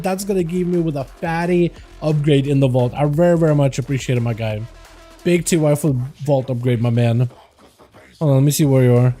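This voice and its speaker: A young man casually commenting on his own gameplay during a live stream, chatting with his teammates in a relaxed, talkative way. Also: a little high, normal speed, faint music behind. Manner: laid-back, chatty, talks to teammates.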